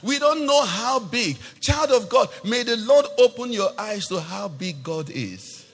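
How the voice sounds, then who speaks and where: A man's voice: very high-pitched, fairly bright tone, slightly rough, big-room sound. A male pastor preaching a sermon, quizzing the congregation with rhetorical questions.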